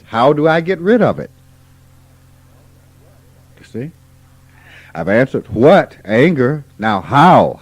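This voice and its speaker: A man gives an informal spiritual talk. He is folksy and unhurried, and he asks questions and then answers them himself. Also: fairly low pitch, no room sound. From Mississippi, USA. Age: 50s. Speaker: spiritual teacher. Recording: dull archival tape recording.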